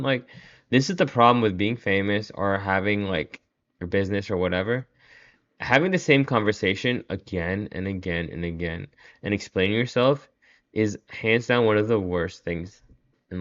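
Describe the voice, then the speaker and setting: A man's voice: lowish voice, moderate pace, a bit bright, lo-fi sound. A man hosting his own podcast, talking casually and at length, rambling with lots of "like", frustrated and laughing often. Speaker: podcast host. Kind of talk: casual solo podcast monologue.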